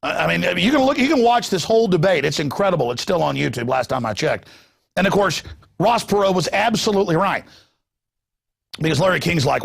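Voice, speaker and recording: A male host rants in a heated, sarcastic, rambling way. His voice sits a touch high and has a gravelly fry running through it. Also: sing-song, fairly quick. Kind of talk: ranting political commentary.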